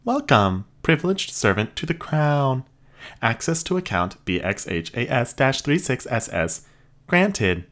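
A woman's voice: rumbling low, very animated, a little slow, voice pushed up, exaggerated voice. A man voicing a prim female security robot that speaks in stiff, formal customer-service phrases. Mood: politely robotic. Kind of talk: audiobook character voice.

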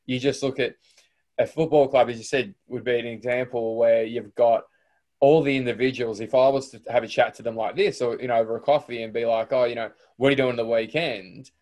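A man's voice: medium pitch, steady tone, fairly quick, a little mellow. A man with an Australian accent hosting a podcast, talking in a loose, rambling way full of restarts. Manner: rambling, lots of fillers and restarts. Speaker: podcast host. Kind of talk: casual interview chat.

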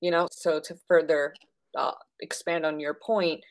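A woman's voice: low voice, flat delivery, unhurried. A woman in a casual film discussion, talking enthusiastically about favorite scenes with frequent fillers.

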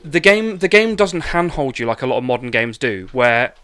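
A man's voice: mid-range voice, moderate pace, a bit bright, a little hiss or hum. A man in a casual podcast chat, explaining game details with hedges and stammered starts. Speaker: podcast co-host.

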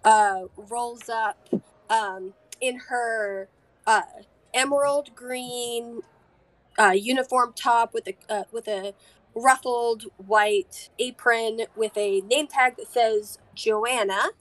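A woman game master narrating a tabletop game at a slow, unhurried pace. She halts often, with fillers and restarts. Her voice sits a little high and sounds dry and close. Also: steady tone, a bit bright, dry recording. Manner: halting, many fillers and restarts.

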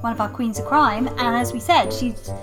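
A high-voiced British woman co-hosts a relaxed chat show, laughing easily and musing aloud as she goes. Her voice sits well above the usual range, with clear music playing underneath. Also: normal speed. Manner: giggly, playful, talks through ideas aloud. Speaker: podcast co-host. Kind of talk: casual chat.

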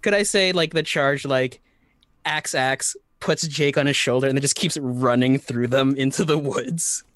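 A man playing a character in a tabletop role-playing game, with a slow, laughing manner. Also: mid-range voice, fairly bright tone, dry recording. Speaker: player.

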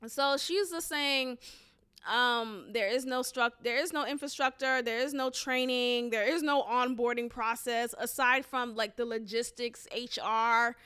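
In a laid-back vlog, an educator in her thirties recounts a story while venting with animation, heavy on fillers and occasionally swearing. She speaks unhurriedly in a clean, slightly high voice.

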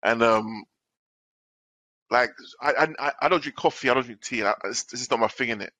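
A man's voice: medium pitch, brisk, no room sound. A man, co-hosting a podcast and telling a story in casual slang-filled chat. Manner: animated storytelling with London slang. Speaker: podcast co-host.

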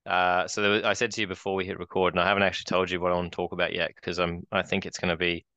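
Deep, flat-voiced Australian man. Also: very fast, no echo, lo-fi sound. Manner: rambling storyteller, many restarts and fillers. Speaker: podcast co-host. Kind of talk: casual chat.

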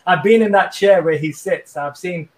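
A man guests on a podcast and keeps cracking jokes in an energetic, playful flow. His voice runs fairly high for a man. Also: normal speed. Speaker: coach and guest. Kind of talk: casual interview chat.

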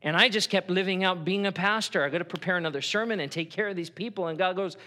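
A man's voice: high-pitched, lively intonation, a little fast, few pauses, pushed and bright. A middle-aged man preaching a sermon in church, earnest and conversational, acting out quotes as he goes. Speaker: pastor.

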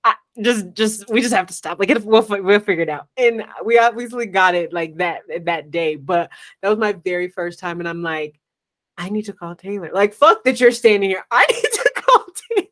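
A woman co-hosting a podcast, telling stories in an animated way, laughing often and swearing in casual chat. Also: medium pitch, normal speed. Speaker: podcast co-host.

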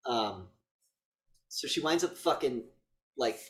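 A man's voice: mid-range voice, slow, background noise. A man casually retelling a film scene by scene for a podcast, swearing freely and acting out the characters' lines. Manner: animated, profane storytelling, acts out quotes. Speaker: podcast co-host. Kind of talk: casual movie review chat.

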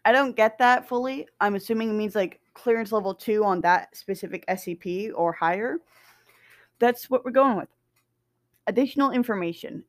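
A woman's voice: medium pitch, no echo, studio quality. A woman casually reading a document aloud, breaking off for joking, swearing asides and stumbling over dates. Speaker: reader of SCP documents.

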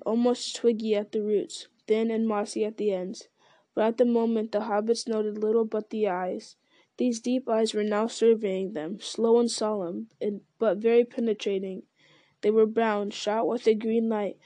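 A woman reading a novel aloud in a steady, unhurried storytelling manner. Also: on the high side, dry recording. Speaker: reader.

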